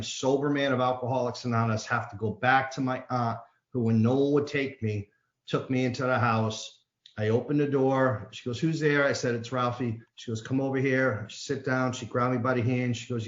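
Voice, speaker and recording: A man's voice: mid-range voice, steady tone, moderate pace. A man speaks at an AA meeting, moving from reading aloud to a plain, earnest personal story. He restarts his sentences often. The sound is dull and carries the echo of the room.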